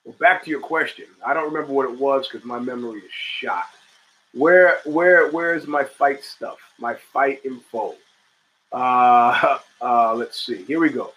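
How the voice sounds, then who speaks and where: Male podcast host, middle-aged, bright tone, casual and crude. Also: medium pitch, unhurried, rough recording. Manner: rambling, profane, reads chat and answers it. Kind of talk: casual talk show monologue.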